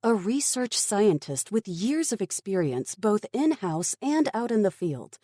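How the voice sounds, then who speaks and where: A woman's voice: mid-range voice, very animated, measured pace, mellow, no echo, clean studio sound, voice pushed up. A woman voicing a desperate, defiant woman research scientist in an audiobook, insistent and pleading. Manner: insistent, pleading, rising to anger. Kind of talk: audiobook character voice.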